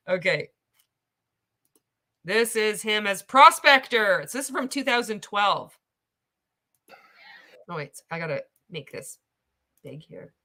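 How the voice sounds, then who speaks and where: A woman's voice: mid-range voice, expressive, takes it slowly, long pauses, pushed and bright. A woman hosting reaction commentary, sarcastic and profane, laughing often. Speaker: commentary host.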